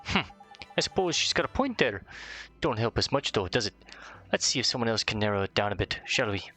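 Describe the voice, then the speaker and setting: Gamer doing a cheeky sidekick, rough Scottish attempt. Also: male voice, fairly low pitch, very animated, fairly quick, pushed and bright, faint music behind, full character voice. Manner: cheeky, slangy. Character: cheeky male fairy sidekick with a put-on accent.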